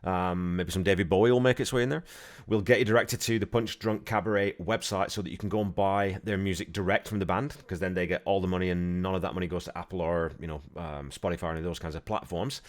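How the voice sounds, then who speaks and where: A man with a fairly low voice hosts a music podcast. He speaks in a relaxed, conversational way and grows lively when he retells a story. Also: quick pace. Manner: chatty, animated when retelling anecdotes. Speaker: podcast host. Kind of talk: casual podcast chat and outro.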